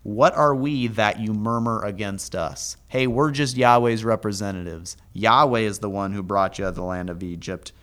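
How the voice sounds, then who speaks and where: A man teaching a Hebrew Bible lesson, methodically reading the verses aloud slowly and explaining the grammar. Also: lowish voice, fairly bright tone.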